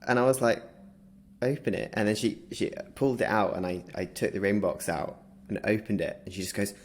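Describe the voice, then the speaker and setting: Low-voiced man telling a story. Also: brisk. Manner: lively anecdotal storytelling, laughs through it. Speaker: guest. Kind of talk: casual interview chat.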